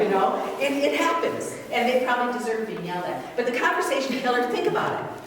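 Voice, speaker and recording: A woman's voice: on the low side, animated, fairly quick, few pauses. An older woman leading a workshop for parents, speaking animatedly and asking the audience questions. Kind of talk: interactive talk to an audience. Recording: echoey hall from far off, noisy.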